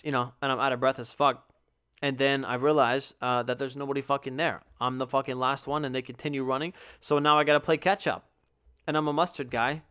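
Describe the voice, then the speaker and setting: A man's voice: medium pitch, fairly even intonation, moderate pace, fairly bright tone, clean tone. A young man hosting a podcast, telling a rambling, profane, self-mocking story about being bad at sports in a casual solo chat. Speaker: podcast host.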